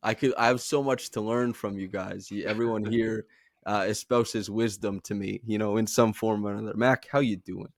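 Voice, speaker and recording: A man's voice: lowish voice, steady tone, normal speed, slight background noise. A man in his twenties hosting a casual podcast, joking and rambling through introductions. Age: 20s. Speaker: podcast host.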